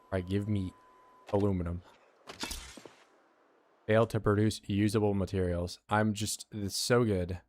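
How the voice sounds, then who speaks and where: A low-pitched American man chats and jokes with his viewers while he plays, giving a loose, running commentary. A faint hiss of noise sits under his voice. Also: steady tone, unhurried, long pauses, a little mellow. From United States. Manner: chatty, joking, talking to chat while playing. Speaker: game streamer. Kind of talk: casual gameplay commentary.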